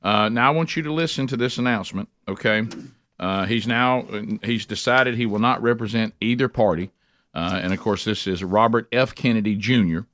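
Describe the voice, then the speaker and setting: A man co-hosting a talk radio show, halting and repeating words in folksy banter. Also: fairly low pitch, a bit bright. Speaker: radio co-host.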